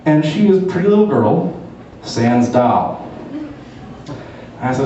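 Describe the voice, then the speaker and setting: A man's voice: on the high side, big pitch swings, measured pace, pauses often, warm tone, a little hiss or hum. Profane male comedian in an echoey club. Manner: profane storytelling. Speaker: stand-up comedian. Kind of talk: stand-up routine. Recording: echoey, dull live club from far.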